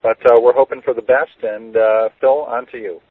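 A man's voice: medium pitch, steady tone, normal speed, slightly rough, dry recording. Chatty male podcast host, phone-line sound. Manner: loose, many fillers, upbeat. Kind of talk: casual podcast interview. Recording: tinny phone-like audio.

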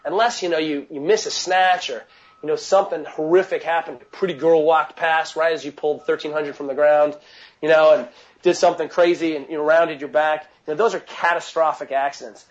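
A man's voice: fairly high pitch, brisk, muffled recording. A man coaching athletes, talking casually and energetically in an interview, with lots of "you know" fillers and restarts. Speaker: mobility coach.

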